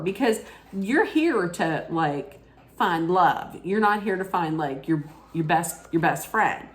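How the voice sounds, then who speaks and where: Chatty opinionated woman, low-pitched. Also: expressive, a little slow. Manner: chatty, opinionated, rambling with restarts. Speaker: reality TV recap vlogger. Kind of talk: casual rant-style recap.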